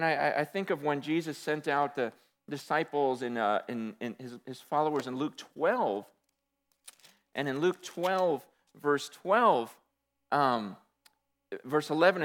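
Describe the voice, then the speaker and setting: A man preaching a sermon in an animated way, often restarting his words and swinging from hushed to loud. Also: high-pitched. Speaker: pastor. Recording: long hall reverb.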